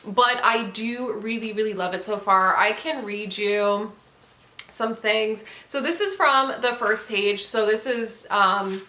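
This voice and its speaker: A woman talking straight to her viewers about a book she loves, candid and effusive, with casual swearing sprinkled through. Her voice is bright and sits a bit high. The room around her is echoey. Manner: gushing and candid, swears freely. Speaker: book reviewer. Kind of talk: casual book review vlog.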